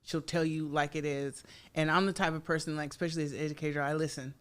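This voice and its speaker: A woman's voice: low-pitched, fast. Chatty woman in her forties. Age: 40s. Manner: chatty, lively storytelling with frequent fillers and laughter. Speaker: guest artist. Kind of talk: casual interview chat. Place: podcast studio.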